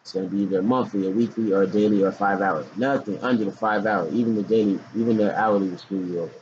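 A man's voice: fairly low pitch, steady tone, fast, a little mellow. Man, casual trading talk, loose and jokey, hyped bursts, muffled recording. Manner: loose, joking, slangy, hyped outbursts. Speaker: forex trading vlogger. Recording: dull lo-fi recording with faint noise.

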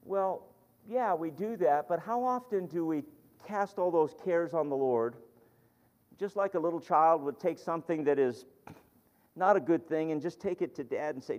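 A man's voice: on the high side, moderate pace, darkish tone. A man preaching a sermon, reading scripture aloud and telling stories with earnest, rising emphasis. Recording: dull lo-fi sound with long hall reverb.

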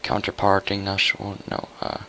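A young man giving casual, chatty commentary while playing a video game, muttering to himself and getting excitable. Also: low voice, normal speed, a little hiss or hum, rough recording. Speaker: gaming YouTuber.

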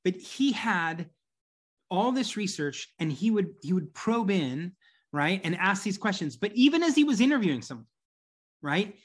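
Animated middle-aged man telling stories. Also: high voice, normal speed. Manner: animated storyteller, acts out quoted voices. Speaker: guest, business coach. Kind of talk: conversational interview answer.

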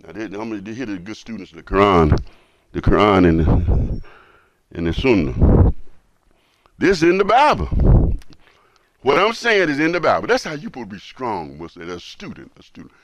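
A man's voice: fairly low pitch, sing-song, normal speed, pauses often, lo-fi sound, a crowd in the background. A man giving a Friday sermon as imam, repeating lines emphatically and asking rhetorical questions. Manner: swings between hushed and loud, rising to forceful.

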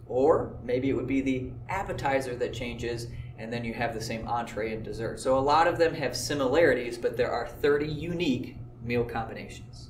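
A man's voice: medium pitch, normal speed, few pauses, echoey room, distant mic, a little hiss or hum. A man teaching a math lesson, explaining step by step in an easygoing way with occasional filler words. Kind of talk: classroom lecture video.

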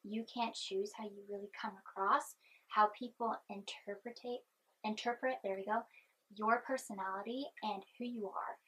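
A young woman vlogging in a soft-spoken, rambling way, chewing gum and anxious. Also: medium pitch, fairly even intonation, normal speed, husky, low-quality recording. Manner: chatty, meandering, chewing gum. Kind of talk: rambling personal vlog.

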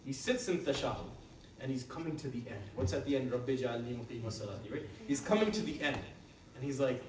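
A man teaching a group of children, telling a story in a lively, playful way and dropping to a hush for quoted lines. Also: mid-range voice, fast talker. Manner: animated, playful, acts out quotes in a hushed voice. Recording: echoey room, from a distance, with noise.

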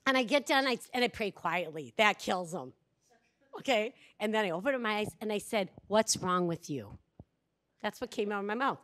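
Woman speaker, fairly high voice, animated storyteller who acts out dialogue, talks to a live conference audience. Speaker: workshop speaker. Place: conference room before an audience.

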